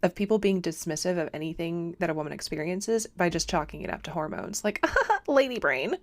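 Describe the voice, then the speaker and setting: A woman with a fairly low voice co-hosts a podcast, chatting casually about a film. She drops wry, deadpan jokes, and she is recorded close with a dry sound. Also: fast, dry recording. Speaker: podcast co-host. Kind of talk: casual chat reviewing a film.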